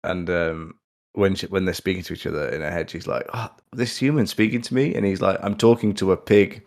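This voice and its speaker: Very deep gravelly-voiced man. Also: brisk. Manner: animated storytelling, acts out his own reactions in quotes. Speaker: podcast co-host. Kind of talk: casual chat.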